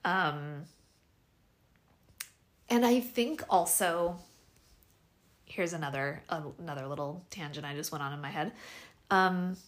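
A woman's voice: low voice, a little slow, long pauses. A young adult woman hosting a podcast, talking casually and animatedly with lots of fillers and restarts. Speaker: podcast host.

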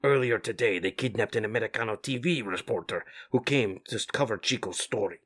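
A man doing a solemn husky jaguar mutant. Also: lowish voice, a bit bright. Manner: measured, solemn, sprinkled with Spanish words. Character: wise male jaguar mutant, solemn jungle protector.

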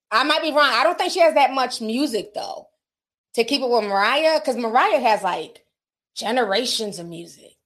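A woman with a somewhat high, slightly bright voice reads super chats during a casual livestream. She talks candidly, laughs a lot and tosses in slangy asides as she goes through viewer messages.

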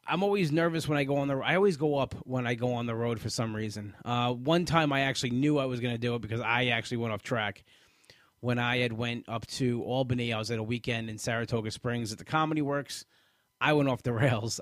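A man's voice: mid-range voice, no echo. Frustrated man rambling, dry room. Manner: frustrated, rambling, many restarts. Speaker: comedian sharing a weight-loss update. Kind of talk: casual monologue.

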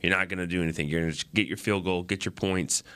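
A man co-hosting a sports talk show, telling animated game stories and laughing often. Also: sits low, fast, clear, resonant tone.

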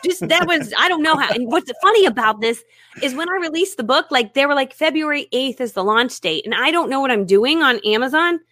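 A woman guest telling her own story in a lively way, often acting out what people said to her. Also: sits high, fairly quick, no room sound, clean studio sound. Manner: lively, acts out her own and others' remarks. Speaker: guest, author and network marketer. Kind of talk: animated storytelling in conversation.

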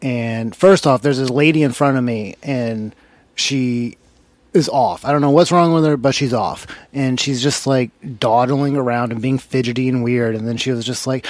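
A man rants through a story on a comedy podcast, swearing freely and circling back on his complaints. His voice sits at a middling pitch and is recorded close and dry, with no room around it. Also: moderate pace, no room sound. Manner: profane, ranting, storytelling. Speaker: podcast co-host. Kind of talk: casual comedic chat.

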